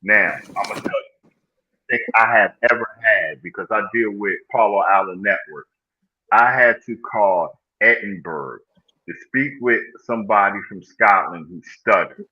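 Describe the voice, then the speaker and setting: Older man telling stories, bright voice. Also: fairly low pitch, moderate pace, slightly rough, lo-fi sound. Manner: storytelling, keeps checking in with "right?". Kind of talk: casual group chat on a live stream.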